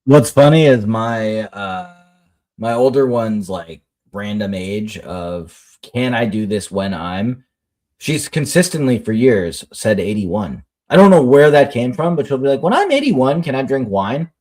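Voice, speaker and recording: A man in his thirties with an American accent, co-hosting a casual podcast and telling expressive stories about his daughters. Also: measured pace. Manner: expressive storyteller, swings high when quoting, laughs easily. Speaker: podcast co-host. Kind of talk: casual chat.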